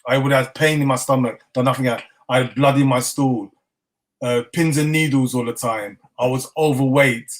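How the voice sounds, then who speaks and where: Speaking in a mid-range voice at a moderate pace, a chef appearing as an interview guest shares his story in a London English accent. This middle-aged man is animated, voices the dialogue himself, and often laughs.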